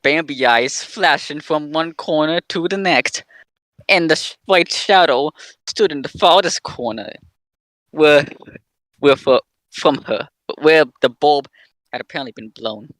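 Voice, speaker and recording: A man co-hosting a podcast, reading a horror story aloud with halting, amused delivery. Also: fairly high pitch, fairly bright tone, dry recording. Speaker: podcast co-host. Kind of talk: casual read-along with jokes.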